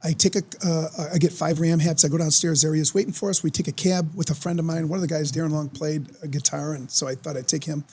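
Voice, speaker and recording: A man, telling a story as a podcast guest in an excitable, animated way. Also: a little high, fast talker, hardly any pauses, breathy edge. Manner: animated, excitable storyteller who acts out quoted voices. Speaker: podcast guest, former football player. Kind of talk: casual storytelling.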